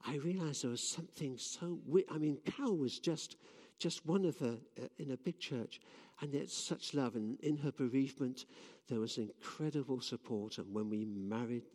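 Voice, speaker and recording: A man's voice: medium pitch, moderate pace, hardly any pauses, darkish tone. A man giving a sermon, telling stories earnestly with frequent restarts, in a church. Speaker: preacher. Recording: long reverb of a church hall.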